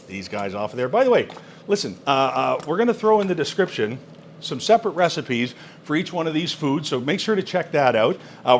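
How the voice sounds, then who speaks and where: A man's voice: medium pitch, slight background noise. A man presenting a countertop cooker in a product demo, exclaiming with enthusiasm over the food. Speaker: product demonstrator.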